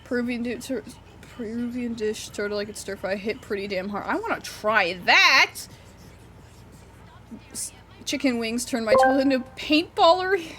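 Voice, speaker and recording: A woman's voice: fairly high pitch, brisk, over music. A young woman streaming from her room, chatting casually, rambling, swearing freely and cutting off words. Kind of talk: casual livestream chat while drawing.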